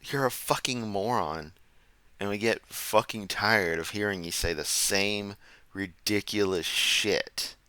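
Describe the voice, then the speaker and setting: A man's voice: lowish voice, slow pace, pushed and bright, smooth, no echo. A man hosting a comedic reaction commentary, sarcastic, mocking and profane. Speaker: commentary channel host.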